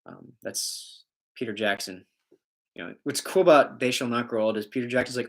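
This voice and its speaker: A man's voice: mid-range voice, normal speed, creaky. A man hosting a casual livestream, reading out viewer comments and rambling in a joking way, often breaking into laughs.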